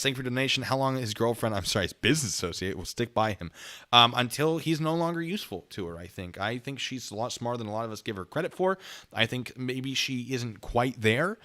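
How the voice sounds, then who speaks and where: A man with a lowish, sharp-toned voice hosts a casual livestream, chatting with viewers and reading out donations. He laughs often as he reacts to videos.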